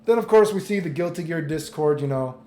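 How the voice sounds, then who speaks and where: A man's voice: on the high side, expressive, a little fast, warm tone. A man ranting in casual commentary, exasperated, stumbling over restarts and swearing. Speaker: commentary vlogger. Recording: echoey room, faint noise.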